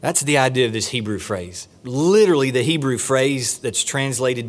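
Preaching from a church pulpit, this animated pastor is forceful throughout. Key points send his voice upward, while phrases he wants to stress come out slow, low and deliberate.

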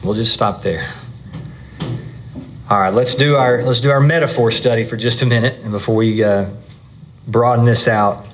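A man leads a Bible class in a relaxed, conversational way. He talks at an ordinary middle pitch and keeps putting questions to the listeners. A faint hiss of noise runs under his voice. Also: normal speed, long pauses. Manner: conversational, asks the room questions and checks in with "okay? right?". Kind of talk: teaching sermon with questions to the class.

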